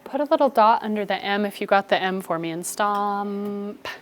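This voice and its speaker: A woman teaching a first grade spelling lesson, giving brisk, encouraging instructions to her class. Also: medium pitch.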